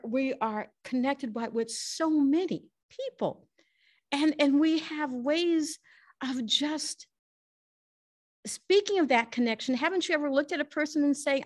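Earnest, halting woman lecturer. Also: high-pitched, dry recording, clean studio sound. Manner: earnest, halting, frequent restarts, laughs easily. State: tearful at times. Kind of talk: lecture Q&A, personal storytelling. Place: library lecture room.

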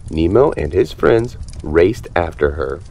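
A man reading a children's picture book aloud with expressive, animated storytelling. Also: sits low, a little slow. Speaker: storybook reader.

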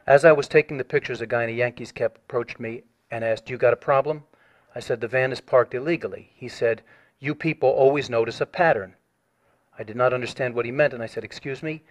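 A man on a recorded phone call, formally reading out a written complaint and pressing his point. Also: medium pitch. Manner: measured, formal, reads a written statement.

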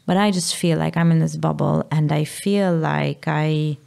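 A Maltese woman in her thirties, speaking candidly as a podcast guest, halting and sometimes dropping to a whisper. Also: low voice, fairly even intonation, gravelly, a little mellow. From Malta. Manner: halting, drops to a whisper at times. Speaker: guest, mother.

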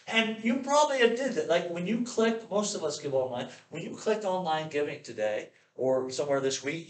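A pastor delivers an animated, playful sermon, frequently acting out the voices of the characters in his stories. His voice is fairly high, and the sound is reverberant.

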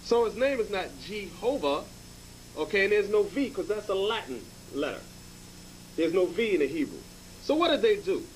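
A man's voice: high-pitched, sing-song, normal speed, a little hiss or hum, poor audio. A man teaching as a bishop, hammering his points home and checking in with "okay?" after each one. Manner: emphatic, repeats points with "okay?". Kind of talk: scripture lesson to a group.

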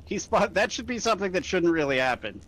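A man's voice: high-pitched, very animated, fast, a bit bright, a little hiss or hum. A man chatting casually while playing a co-op game with friends, making dry, analytical remarks. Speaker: gamer. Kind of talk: casual gaming chat.

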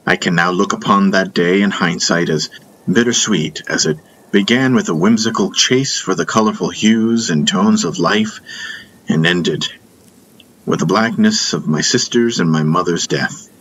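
A man's voice: sits low, unhurried, fairly bright tone, a little hiss or hum. A man reading a first-person fantasy audiobook in a solemn, reflective way. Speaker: audiobook narrator. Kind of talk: scripted first-person narration.

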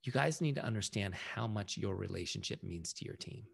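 A man's voice: fairly low pitch, animated, fairly quick, vocal fry, slightly rough. A man leading a casual sales training session, telling a story and acting out quoted lines in a conversational way.

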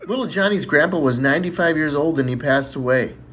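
A man's voice: fairly high pitch, fairly quick, a bit bright, a little hiss or hum. A man telling jokes in a casual storytelling way, laughing at his own punchlines. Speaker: joke teller.

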